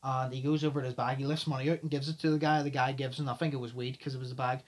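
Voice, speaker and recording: A man hosting a podcast, telling a story in a casual chat, talking fast and loud and swearing often. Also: mid-range voice, level tone. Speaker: podcast host.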